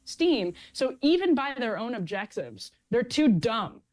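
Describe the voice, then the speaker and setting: A woman's voice: on the high side, sing-song, a little slow, a little mellow. Emphatic, scornful woman commentator. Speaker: political commentator. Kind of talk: opinionated commentary.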